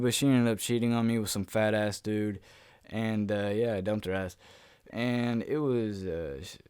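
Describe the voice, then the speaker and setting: A young man telling a casual, profanity-laced storytime vlog, animated and laughing as he goes. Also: lowish voice, smooth, no room sound, clean studio sound. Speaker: YouTuber.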